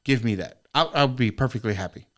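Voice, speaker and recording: A man guesting on a podcast, telling stories in casual chat, animated, swearing a lot and repeating himself. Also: mid-range voice, quick pace.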